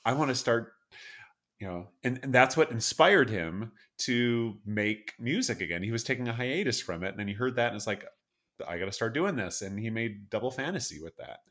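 A man co-hosting a laid-back music podcast, talking in a lowish voice. He tells stories with enthusiasm and laughs often, easy and conversational. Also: expressive, brisk, hardly any pauses, fairly bright tone. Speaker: podcast co-host. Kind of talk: casual chat about songs.

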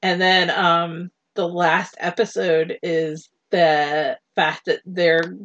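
A woman's voice: fairly low pitch, flat delivery, slow, a bit bright. Woman podcast cohost chatting, rambling and laughing a lot, kinda muffled dull sound. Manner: rambling, laughs often, many restarts. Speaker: podcast co-host. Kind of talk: casual chat.

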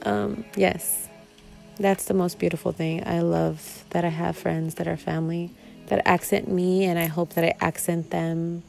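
Woman vlogger, casual heartfelt monologue, low gravelly voice, rambling. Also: level tone, unhurried, faint music behind, low-quality recording. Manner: rambling, warm and reflective, with laughs.

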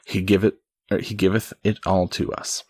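A man reading the lines of a bold, loyal outlaw in slow old-fashioned speech, with a husky voice. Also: low voice, level tone, a little mellow, dry recording. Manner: slow archaic storybook delivery.

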